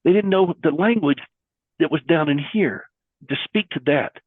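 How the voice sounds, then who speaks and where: Middle-aged male guest, earnest and preacherly, slightly high husky voice, dry phone-quality audio. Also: moderate pace, no room sound. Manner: earnest, preacherly, uses folksy metaphors. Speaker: guest caregiver advocate. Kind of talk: conversational interview. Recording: husky voice over a thin phone-like line.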